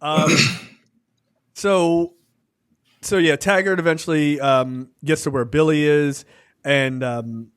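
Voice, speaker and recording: A man co-hosting a casual film review podcast, talking loosely with many fillers and acting out scenes in quick quoted voices. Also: on the high side, steady tone, background noise. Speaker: podcast co-host.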